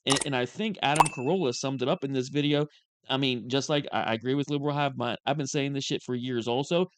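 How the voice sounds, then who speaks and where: A man's voice: medium pitch, fast, no echo. A man hosting casual commentary, ranting in an exasperated, profane way. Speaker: commentary host.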